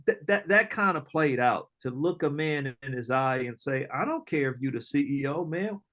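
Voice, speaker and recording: A middle-aged man, an entrepreneur guest, telling casual stories in an animated, slangy way, often acting out other people's lines. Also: on the high side, moderate pace. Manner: animated storyteller, slangy, acts out quoted voices, laughs often. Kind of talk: casual storytelling interview.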